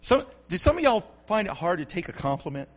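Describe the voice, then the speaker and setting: A male pastor delivering an animated sermon, repeating phrases for emphasis and building up to shouts. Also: sits high, brisk, dull audio.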